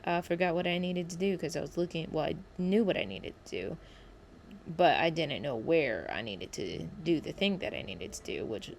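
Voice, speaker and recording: A woman's voice: low-pitched, creaky, a little hiss or hum. A woman casually narrating her own gameplay at home, rambling and chatty, often correcting herself.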